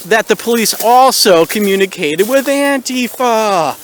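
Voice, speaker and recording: A man's voice: very high-pitched, animated, moderate pace, fairly bright tone, a little hiss or hum. A man hosting his own video channel, talking straight to viewers in an exasperated, sarcastic rant, recorded on a small camera microphone. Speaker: video host. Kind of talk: ranting vlog commentary. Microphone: built-in camera microphone.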